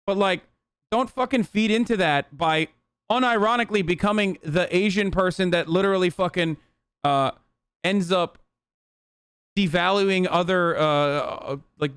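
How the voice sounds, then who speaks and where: A man's voice: sits high, moderate pace, fairly bright tone, smooth, no echo. A man streaming live, reacting to a video with rambling, profane, emphatic commentary.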